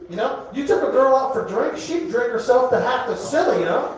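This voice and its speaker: A man in his fifties doing a rambling stand-up set in a comedy club, now and then shouting a punchline. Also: very high-pitched, lively intonation, brisk, few pauses. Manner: rambling, jokey, breaks into shouted bits. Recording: echoey club recorded from far off. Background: laughing crowd.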